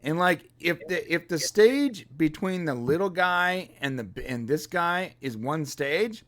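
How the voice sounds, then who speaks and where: A man's voice: on the high side, lively intonation, unhurried, a bit bright. A man co-hosting a live review podcast, thinking aloud in an easygoing, casual way. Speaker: podcast co-host.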